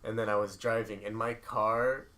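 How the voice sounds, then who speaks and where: Young male co-host, lowish pitch, bright tone, laid-back storyteller. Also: flat delivery, normal speed. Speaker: podcast co-host. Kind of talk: casual chat.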